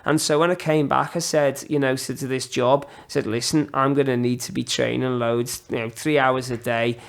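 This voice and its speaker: Chatty British man, gravelly voice. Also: medium pitch, little pitch movement, normal speed. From United Kingdom. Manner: chatty, self-deprecating, laughs through his stories. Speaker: podcast guest. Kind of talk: casual interview storytelling.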